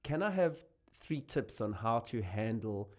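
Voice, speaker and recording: Animated South African comedian, a man. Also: on the low side. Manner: animated and jokey, many quick restarts. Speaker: guest comedian. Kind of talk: casual podcast chat.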